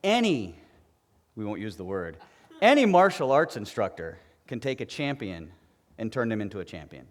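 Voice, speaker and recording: A man's voice: fairly low pitch, normal speed. A middle-aged man, a martial arts master instructor, telling plainspoken stories in a talk at a retreat. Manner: animated, plainspoken anecdotes.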